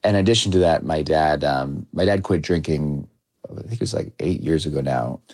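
A man in his thirties, a documentary filmmaker, giving measured, reflective interview answers with frequent restarts. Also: extremely low pitch, darkish tone, dry recording, clean studio sound. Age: 30s. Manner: measured, with many restarts and hedging fillers.

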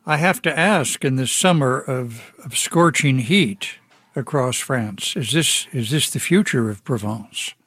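A male host leads a broadcast interview with a mid-pitched voice. He asks his questions in a measured, considered way. The recording is close and dry. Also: animated, fairly bright tone, breathy edge, no room sound.

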